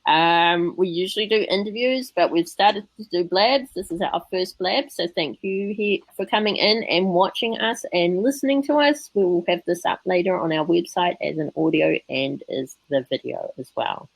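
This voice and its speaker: A woman's voice: fairly low pitch, normal speed, creaky, hardly any pauses, no echo, low-quality recording. A woman with an English accent hosting a casual podcast panel chat, chatty and laughing often. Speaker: podcast host.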